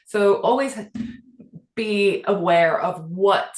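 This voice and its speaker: A woman's voice: medium pitch, slow pace. Earnest British woman, echoey room. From Britain. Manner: earnest, emotional, many fillers. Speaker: podcast co-host. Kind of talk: casual chat.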